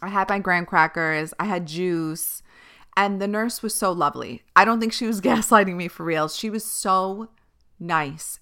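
Young woman podcast host, casual and candid, swears a lot, bright, smooth voice. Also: fairly low pitch. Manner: candid, chatty, swears freely, animated when retelling. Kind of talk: casual chat.

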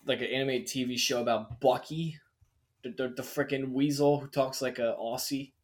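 A man's voice: medium pitch, steady tone, normal speed. A young man in casual chat, telling stories in a rambling way full of fillers. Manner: rambling, filler-heavy storytelling.

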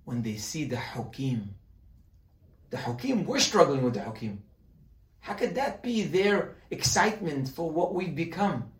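Rabbi teaching a class in a roomy hall. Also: male voice, fairly high pitch, measured pace. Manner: animated, acts out questions and answers in dialogue. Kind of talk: Torah class sermon. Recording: roomy sound, mic at a distance.

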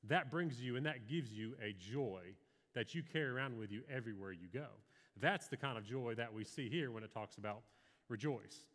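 A man's voice: medium pitch, normal speed, a bit bright, in a large hall. A man preaching a sermon to a live congregation in an earnest, conversational way, with personal stories. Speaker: pastor.

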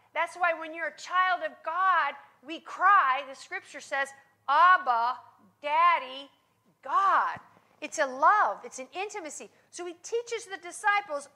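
A woman's voice: high-pitched, sharp tone. A woman teaching on prayer in a sermon style. She speaks with emphasis and often checks in with her listeners. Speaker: Bible teacher.

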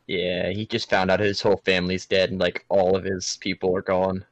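A man's voice: deep voice, little pitch movement, fairly quick. A young man in casual, profane chat, reacting to a movie with mocking disbelief. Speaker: friend watching a movie, fan of the show.

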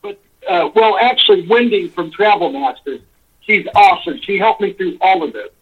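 A man's voice: high voice, normal speed, breathy edge. A man calling in by phone, telling a long, rambling complaint story, exasperated and swearing freely. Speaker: caller. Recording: tinny phone line.

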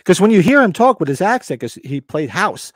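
A man's voice: high-pitched, big pitch swings, a little fast, no room sound, clean studio sound. Rambling, swearing male podcast co-host. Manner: rambling, stop-start, swears. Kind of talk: casual chat.

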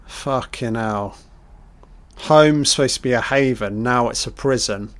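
A man rambles through a casual film commentary in a mid-pitched voice. He swears freely and breaks into mock dialogue for the characters, then carries on chatting. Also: unhurried. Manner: sweary, jokey, acts out characters' lines.

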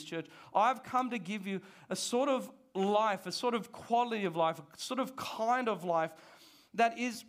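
High-voiced man preaching animatedly. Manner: animated, conversational preaching with laughs. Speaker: pastor. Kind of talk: sermon. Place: church service.

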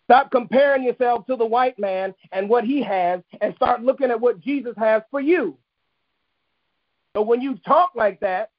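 A man's voice: very high-pitched, lo-fi sound. A man preaching a sermon, emphatic and repetitive, driving points home with restated phrases. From United States.

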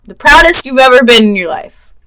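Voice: sits high, animated, brisk, sharp tone, rough recording. A podcast host asking interview questions in a casual manner with filler words.

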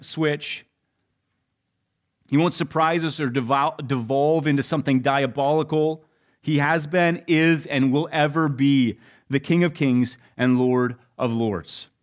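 A young adult man preaching a sermon, telling the story with shifts between loud and hushed delivery. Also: fairly high pitch, a little slow. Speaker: pastor.

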